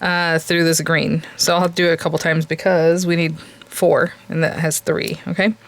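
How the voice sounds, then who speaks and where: A woman's voice: low voice, level tone, moderate pace, creaky. A woman hosting a papercraft tutorial, chatting casually, thinking aloud with lots of fillers and laughing at herself now and then. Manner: chatty and self-amused, laughs at herself often. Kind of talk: casual craft tutorial chat.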